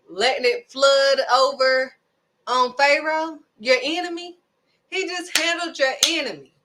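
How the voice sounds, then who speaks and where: A woman's voice: on the high side, bright, forceful tone. A woman hosting a devotional video, preaching casually and emphatically, firing off rhetorical questions. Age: adult, raising children.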